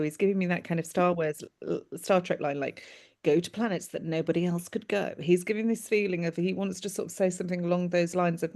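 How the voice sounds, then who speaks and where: Woman, medium, live reading, earnest, halting, repetitive, animated. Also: lowish voice. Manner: halting and repetitive, relaying messages with restarts and "he's like"; earnest and animated, breaking into laughs. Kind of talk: live mediumship reading over a video call.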